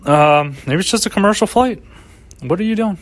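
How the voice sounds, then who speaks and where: A man's voice: high voice, expressive, moderate pace, dry recording. A man hosting a solo podcast, rambling casually with lots of swearing and mock pep talk, recorded outdoors. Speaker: podcast host.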